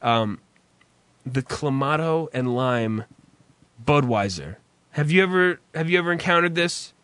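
A man's voice: a little high, expressive, measured pace, a bit bright, clear, resonant tone, dry recording. A young man hosting a podcast in casual chat, swearing and laughing often. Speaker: podcast host.

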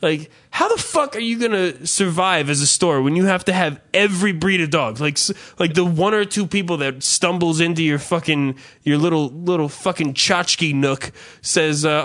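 A man rants through a comic story on a podcast, swearing freely and rambling. His voice sits a bit high for a man. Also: moderate pace, hardly any pauses. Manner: profane, rambling, animated rants. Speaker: podcast host. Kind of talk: casual comedic storytelling.

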